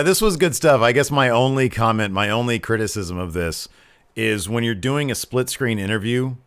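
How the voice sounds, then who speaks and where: A man's voice: on the low side, a bit bright, dry recording. A man co-hosting a wrestling podcast, chatting casually, laughing easily and drifting into asides. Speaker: podcast co-host. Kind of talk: casual wrestling review chat.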